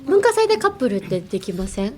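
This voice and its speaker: A woman's voice: high-pitched, sing-song, very fast, a little hiss or hum. Giggly woman teaching English. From United States. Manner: playful, giggly, drills words over and over. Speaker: podcast host, English teacher. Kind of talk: casual bilingual language lesson.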